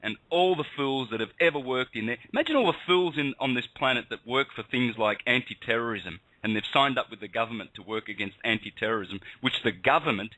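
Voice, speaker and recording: Male radio host, fired-up and insistent, bright forceful tone, dry close mic. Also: mid-range voice, expressive, a little fast, few pauses, dry recording, poor audio. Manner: impassioned, emphatic ranting. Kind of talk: heated call-in radio talk.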